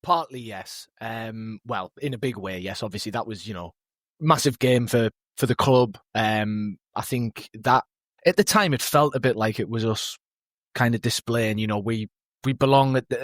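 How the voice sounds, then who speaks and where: A man on a football podcast panel talks in a laid-back, rambling way with frequent chuckles. His voice sits mid-pitch and sounds dry and close. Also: dry recording. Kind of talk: casual football chat.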